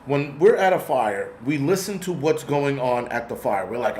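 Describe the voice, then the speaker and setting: A man's voice: mid-range voice, expressive, moderate pace, a little mellow, a little hiss or hum. A man hosting a casual vlog who rants angrily and bluntly, with plenty of profanity. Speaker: host.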